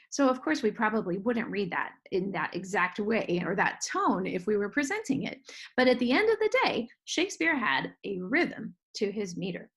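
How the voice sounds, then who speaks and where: A woman teaching a music lesson for children, who explains clearly and patiently and sounds out rhythms of words. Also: medium pitch, very animated, moderate pace, fairly bright tone.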